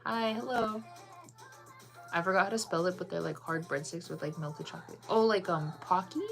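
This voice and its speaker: A woman's voice: fairly low pitch, fast, creaky, faint music behind. A woman chatting casually with viewers on a live stream, bubbly and full of "like" fillers.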